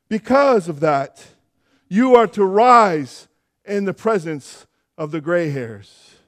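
A man's voice: sits high, animated, takes it slowly. A younger man preaching a sermon as pastor in a church, earnest and building to emphatic exhortation.

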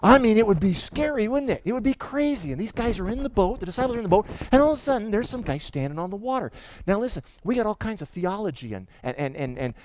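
High-voiced man preaching with lively stammered storytelling. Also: fast, slight background noise. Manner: animated storytelling with stammered restarts; asks the audience questions. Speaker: pastor. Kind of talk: sermon.

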